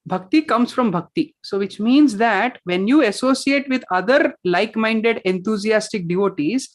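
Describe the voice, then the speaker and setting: A woman's voice: on the high side, normal speed. Patient woman teaching. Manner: patient, explains with simple examples and frequent "right?". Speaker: yoga and scripture teacher. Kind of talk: explanatory teaching in Q&A.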